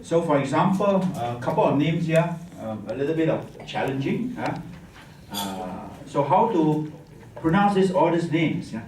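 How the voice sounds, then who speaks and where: A man's voice: on the high side, very animated, normal speed, darkish tone, slight background noise. A man teaching a wine masterclass, jokey and teacherly, tagging his lines with "huh?". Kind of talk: live masterclass talk. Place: hotel function room. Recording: echoey room, far from the mic.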